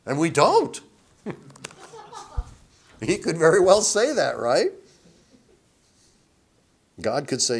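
A man preaching a sermon in a relaxed, conversational way, chuckling often and acting out quoted voices. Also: fairly high pitch, slow pace, creaky, pauses often, slightly rough. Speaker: pastor.

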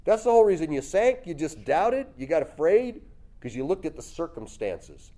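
A man preaching a sermon, telling the story lively, acting out voices and chuckling often. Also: on the high side, normal speed. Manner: lively storytelling, acts out voices with loud jumps.

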